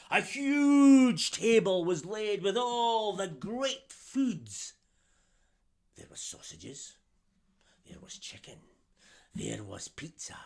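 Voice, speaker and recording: With a high, gravelly, fairly bright voice, a man from Scotland spins a tale for kids. His delivery is theatrical, and he keeps asking his young audience to join along.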